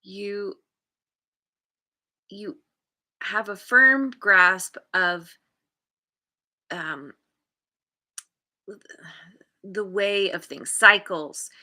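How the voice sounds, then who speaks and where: Slow, bright-voiced woman reading tarot. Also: mid-range voice. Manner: meandering, restarts often while searching for words. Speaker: tarot card reader. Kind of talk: live tarot reading, thinking aloud.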